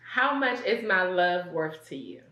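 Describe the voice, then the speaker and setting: A woman playing a couples game on a vlog, chatty and quick to laugh, talking straight to viewers. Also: fairly low pitch, pushed and bright, roomy sound, dull audio. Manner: chatty, laughs often, addresses viewers as y'all. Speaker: couple vlogger.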